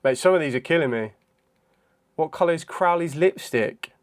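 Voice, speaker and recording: A young man chatting casually on a live stream, thinking out loud in a hesitant way with frequent ums. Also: on the high side, animated, moderate pace. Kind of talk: casual live-stream chat during a trivia quiz.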